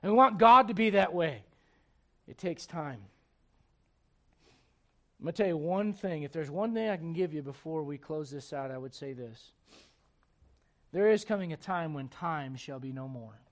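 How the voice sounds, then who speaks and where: A man preaching a sermon. He swings between quiet, close asides and loud, emphatic preaching, and keeps asking his listeners rhetorical questions. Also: a little high, lively intonation, moderate pace, pauses often. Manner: asks the congregation rhetorical questions.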